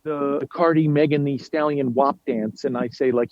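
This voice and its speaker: Animated, halting man telling stories. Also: mid-range voice, dry recording, muffled recording. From New York. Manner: animated storyteller, halting with fillers and restarts. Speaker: guest. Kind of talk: casual chat.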